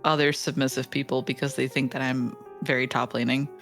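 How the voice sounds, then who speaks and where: A woman guest chatting casually on a stream, halting and repeating words as she talks. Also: very deep voice, flat delivery, music in the background. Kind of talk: casual chat.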